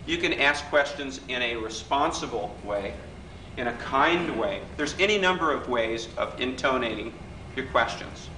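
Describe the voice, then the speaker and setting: Man, workshop leader, conversational lecture, bright voice, echoey distant room sound. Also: medium pitch, lively intonation, measured pace. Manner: conversational, keeps asking the audience for agreement. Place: hotel function room. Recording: echoey room recording from afar, faint hiss.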